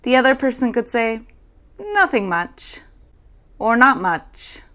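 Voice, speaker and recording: Slow-speaking young woman teaching English. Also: fairly high pitch, sing-song, a bit bright. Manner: slow, careful demonstration of phrases. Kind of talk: language lesson.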